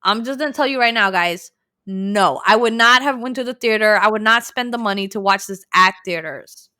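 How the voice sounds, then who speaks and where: A woman's voice: medium pitch, normal speed, sharp tone. A woman co-hosting a casual podcast chat, giving blunt opinions, teasing her co-host and talking straight to viewers.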